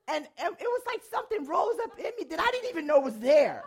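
A middle-aged woman preaches a testimony to an audience, her voice rising and falling with a lively, musical pitch. She tells her story dramatically and laughs often. Her delivery swings from loud bursts to hushed, confiding tones. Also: fast talker. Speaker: speaker giving a testimony to an audience. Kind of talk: animated testimony sermon.

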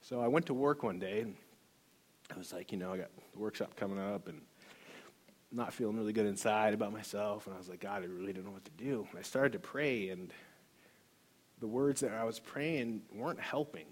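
A man's voice: fairly low pitch, moderate pace, husky. A middle-aged man leading a church workshop, telling his personal testimony in an earnest, emotional way with frequent restarts. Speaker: workshop leader.

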